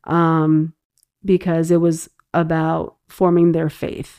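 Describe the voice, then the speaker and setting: A middle-aged woman guest on a podcast speaks slowly in a low, warm voice. Her tone is smooth and clear, and she thinks aloud with frequent "um"s. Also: level tone. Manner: thoughtful, many "um" pauses. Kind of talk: casual conversational interview.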